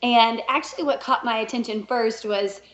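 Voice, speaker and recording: A woman guest on a podcast, telling a story in a lively, laughing way and acting out the people she quotes. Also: on the high side, moderate pace. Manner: animated, laughs often, puts on voices when quoting. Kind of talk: casual interview storytelling. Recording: roomy and dull, lo-fi.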